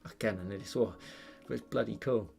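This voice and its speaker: A British man with a low, fry-edged voice talks through a casual drawing live stream. He wanders from thought to thought with plenty of "like"s and false starts, often laughing at himself. Soft music plays faintly underneath. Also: fairly quick. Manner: rambling, with many fillers and restarts. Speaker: art channel host.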